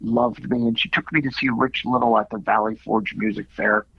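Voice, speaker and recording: A middle-aged man, an actor being interviewed, telling animated stories with quick asides. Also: lowish voice, vocal fry, husky, no room sound. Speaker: actor guest. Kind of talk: casual interview storytelling. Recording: dull lo-fi audio.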